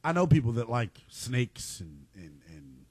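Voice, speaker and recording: Lively, jokey man with a dry sound. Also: medium pitch, slightly rough, dry recording. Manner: animated, jokey, quick to laugh. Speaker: podcast co-host. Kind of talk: casual chat.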